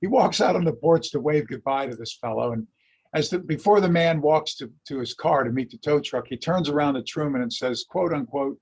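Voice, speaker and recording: Male history lecturer, husky and gravelly, an animated anecdote-teller. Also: a little high, brisk. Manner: animated storyteller, acts out quotes. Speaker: lecturer and teacher.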